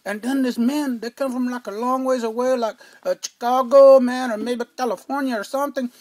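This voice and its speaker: A man's voice: very high-pitched, fairly even intonation, a little fast, a little mellow, dry recording. Performer doing a man, rambling comic storyteller, dry close sound. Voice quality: rambling, fills every phrase with "man" and "you know". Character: rambling Mexican-American man, excitable storyteller. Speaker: comic character. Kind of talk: comedic monologue.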